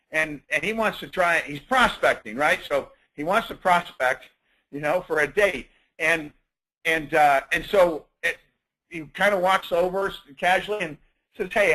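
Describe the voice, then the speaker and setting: Bright-voiced man coaching with stories. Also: a little high, poor audio. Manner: animated storyteller, acts out dialogue. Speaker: sales coach. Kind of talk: coaching talk on a conference call.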